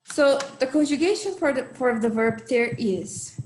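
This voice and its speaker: A woman gives an online language lesson at an unhurried, deliberate pace, repeating each point with patience. Her voice sits a little high. The recording has a roomy echo with faint noise underneath. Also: animated, darkish tone. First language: Portuguese. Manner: slow, patient explaining with repetition. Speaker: language teacher. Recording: echoey room.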